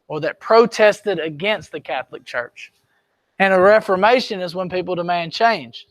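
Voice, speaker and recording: A man's voice: high-pitched, dry recording. A man teaching a history lesson to his class in a classroom, talking in a loose, conversational way and often checking whether students are keeping up. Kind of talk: classroom lecture.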